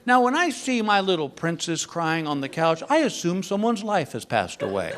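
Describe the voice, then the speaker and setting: Give me an older man doing stand-up on a club stage, lively and exasperated. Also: high-pitched, normal speed, noisy background. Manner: animated storytelling, mock exasperation. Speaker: stand-up comedian. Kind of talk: stand-up comedy routine.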